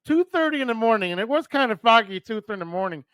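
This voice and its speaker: A man's voice: extremely high pitch, lively intonation, very fast, fairly bright tone, clean tone, dry recording. An older man from New hosting a live radio stream, chatting loosely and cursing with a friend. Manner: loose, profane, joking. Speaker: radio show host. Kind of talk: casual live-stream chat.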